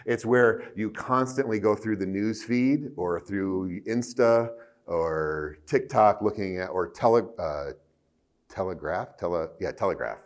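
A man's voice: low voice, a little slow. A man giving a workshop to clinicians, mixing teaching with joking, self-deprecating personal stories and frequent restarts. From United States. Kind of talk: lecture with personal storytelling.

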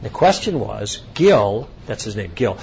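A man giving a conference lecture, telling an anecdote in an animated storytelling way. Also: fairly low pitch, a little slow, gravelly, breathy edge, dull audio. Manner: animated storytelling, acting out both sides of a dialogue. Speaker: speaker at a conference.

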